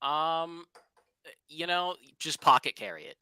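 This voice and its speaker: A man as a podcast guest in casual chat, laid-back with deadpan humor. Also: a little high, a little slow, clean tone, dry recording, rough recording.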